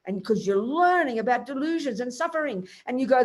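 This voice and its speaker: A woman's voice: high voice, very animated, fast talker, hardly any pauses. An older woman, a Buddhist teacher, giving a blunt, emphatic dharma talk to a group and acting out inner voices.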